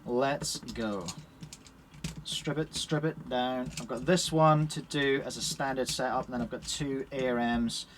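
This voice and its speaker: A Scotsman chats cheerfully on a live stream as he sets up puzzle cubes in a shed, talking away while his hands stay busy. His voice is medium-pitched and a little slow, and there's noise in the background.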